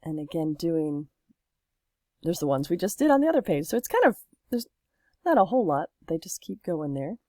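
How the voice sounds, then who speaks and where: A woman's voice: on the low side, sing-song, normal speed, long pauses, mellow, no room sound, studio quality. Patient woman teaching a French lesson. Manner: patient, explains step by step with examples. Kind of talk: recorded classroom lesson.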